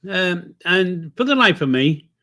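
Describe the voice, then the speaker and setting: Older Yorkshire man, halting and humorous. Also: sits high, very animated, pushed and bright. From Yorkshire, England. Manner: hesitant, laughs often, dry humour. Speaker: live stream co-host. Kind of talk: casual live stream chat.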